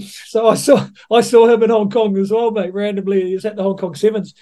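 A man's voice: high voice, a little fast, mellow. A man from New Zealand, a rugby coach and podcast guest, telling sweary anecdotes in casual chat and acting out other people's lines. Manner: sweary anecdotal storytelling, acts out other voices.

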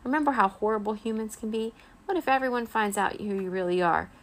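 A small, bossy storybook bat who squeaks out firm, urgent orders, as a woman reading aloud puts him on. He is protective and won't take no for an answer, and his voice has a gravelly edge. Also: quick pace, lightly acted.

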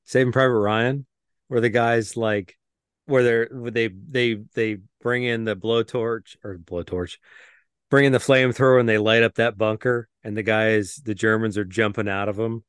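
A man's voice: on the low side, steady tone, moderate pace, smooth, dry recording, clean studio sound. A man co-hosting a podcast in casual chat, blunt with crude humor. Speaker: podcast co-host.

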